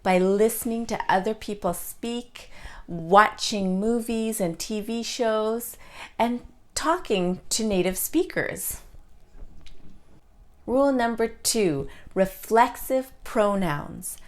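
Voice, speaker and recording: A woman teaching an English pronunciation lesson, saying each example word slowly and deliberately. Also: on the high side.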